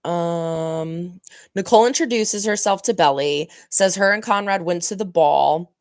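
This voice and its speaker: A woman's voice: on the low side, a little slow, a little mellow, no echo, clean studio sound. A woman hosting a reaction channel, giving a chatty, rambling recap that corrects itself as she goes. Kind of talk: casual recap of a TV episode.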